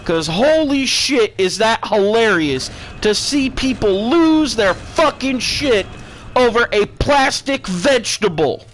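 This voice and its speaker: A man with a high voice rants at length, swearing constantly and mocking people with sarcastic voices. He talks as a streamer over his own game. Faint music runs behind him. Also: a bit bright. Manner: profane, sarcastic rant with mocking put-on voices. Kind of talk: ranting commentary.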